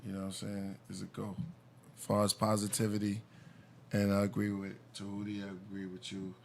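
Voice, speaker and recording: A man hosting a live stream, talking in a laid-back way with lively short remarks. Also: lowish voice, a little fast, creaky, slight background noise. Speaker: show host. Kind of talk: casual live-stream chat.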